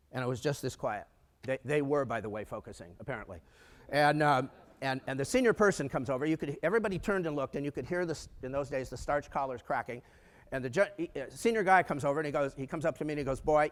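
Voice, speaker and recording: Animated male conference storyteller, reverberant hall. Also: medium pitch, fast talker. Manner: animated storyteller who acts out quoted dialogue. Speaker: conference speaker. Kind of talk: storytelling keynote talk.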